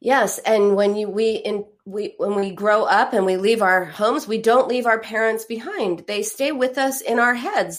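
Middle-aged woman therapist explaining. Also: medium pitch. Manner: explains through stories, acts out quoted voices. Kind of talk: counseling conversation.

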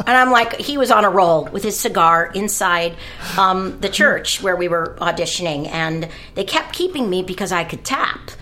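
A woman from California, a guest performer on a talk radio show, telling a lively anecdote and acting out voices and snatches of song. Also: lowish voice, normal speed, slight background noise. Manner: lively storyteller, acts out voices and sings bits.

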